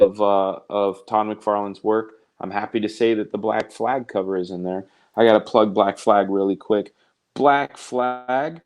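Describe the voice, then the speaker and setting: A man's voice: fairly low pitch, darkish tone, clean tone. A man hosting a live art stream, chatting casually in a rambling, jokey way and reading out viewer comments. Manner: rambling, self-interrupting, jokey.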